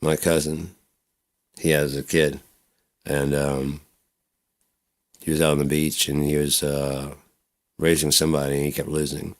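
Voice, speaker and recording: A man's voice: rumbling low, monotone, a little slow, pauses often. A man talking through his own life in a rambling personal vlog, swearing freely and slipping into voices as he tells stories. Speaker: vlogger.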